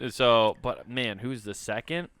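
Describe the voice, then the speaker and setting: A man co-hosting a podcast, joking crudely, laughing often and breaking into loud mock voices. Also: mid-range voice, drawn-out words. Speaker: podcast co-host. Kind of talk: casual comedic banter.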